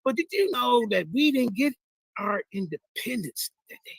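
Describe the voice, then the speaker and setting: Boastful high-pitched gravelly man. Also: sing-song, moderate pace. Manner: boastful, mocking, repetitive, addresses chat as "y'all". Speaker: streamer reacting to debate clips. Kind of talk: trash-talking live commentary.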